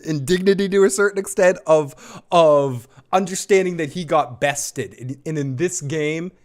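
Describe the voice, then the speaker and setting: A man hosting a live stream, chatting casually in an excited, rambling way, swearing often and restarting his sentences. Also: fairly high pitch. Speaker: show host reviewing a TV episode live.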